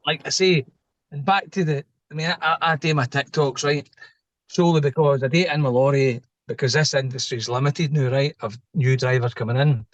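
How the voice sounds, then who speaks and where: A lorry driver from Scotland, middle-aged, chats casually while telling a lively story and impersonating its characters. He speaks a little fast in a mid-range voice, and there's no echo.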